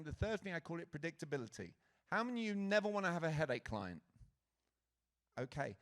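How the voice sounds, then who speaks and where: Man, Britain-raised, slightly high voice, energetic conference speaker, audience-interactive. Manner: lively, engaging the crowd with questions. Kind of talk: motivational stage talk to an audience. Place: conference stage before a live audience. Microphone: handheld stage mic.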